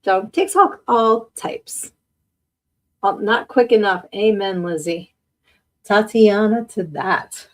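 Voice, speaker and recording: A woman's voice: medium pitch, takes it slowly. A woman hosting a casual live podcast, chatting and joking with her audience and laughing often. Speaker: podcast host. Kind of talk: casual live-stream chat.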